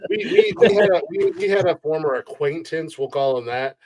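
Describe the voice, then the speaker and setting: A man's voice: on the high side, wildly swooping pitch, moderate pace, over a noisy crowd. A man on a casual podcast panel telling a story, repeating words as he starts his sentences. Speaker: panel guest. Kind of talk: casual chat.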